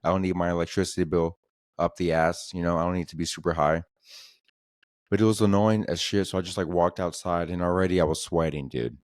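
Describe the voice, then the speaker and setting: Deep-voiced young man telling stories. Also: steady tone, brisk, no room sound, studio quality. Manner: laid-back, profane, says "dude" constantly. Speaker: podcast host. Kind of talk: casual comedic storytelling.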